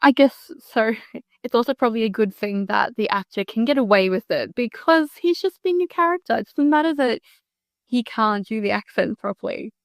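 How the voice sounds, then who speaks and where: A woman's voice: a little high, lively intonation, moderate pace, dry recording. A woman co-hosting a podcast, reacting to her co-host with incredulous questions and casual chat. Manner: reactive, incredulous, laughing asides. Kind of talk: casual film-review chat.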